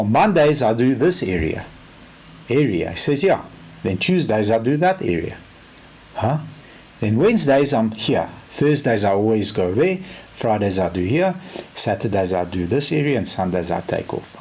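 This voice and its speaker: Animated South African man telling a story. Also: lowish voice, vocal fry, a little hiss or hum. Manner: animated, acts out both sides of a story. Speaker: car sales trainer. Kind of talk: casual storytelling training talk.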